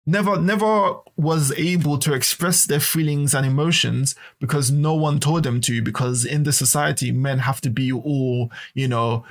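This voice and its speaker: A man hosting a podcast in a casual, animated way, often repeating his words. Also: fairly high pitch, moderate pace, hardly any pauses. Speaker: podcast host.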